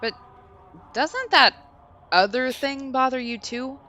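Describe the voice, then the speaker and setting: A woman's voice: high voice, animated, takes it slowly, sharp tone. A woman hosting a let's play, chatting casually and reading the game's text aloud in a storytelling tone, with frequent giggles.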